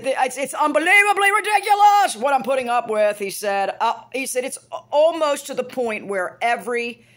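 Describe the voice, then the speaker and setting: A middle-aged woman holding forth in a loose, rambling monologue. She is blunt and swears freely, jumping from one thought to the next in a casual, unscripted way. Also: lowish voice. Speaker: hairdresser and vlogger.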